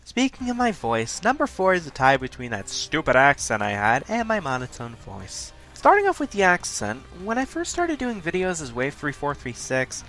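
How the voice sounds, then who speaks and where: A man hosting a countdown video, talking fast with occasional stutters in a blunt, self-critical way. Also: a little high, a bit bright. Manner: talks fast, stutters at points. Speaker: YouTube countdown host. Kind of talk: scripted countdown commentary.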